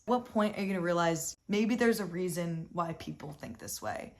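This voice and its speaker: A woman's voice: mid-range voice, measured pace, few pauses. Brief: young woman, vlog recap host, chatty and exasperated, mid-range voice, lots of "like", casual swearing. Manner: animated and exasperated, heavy filler "like", swears freely.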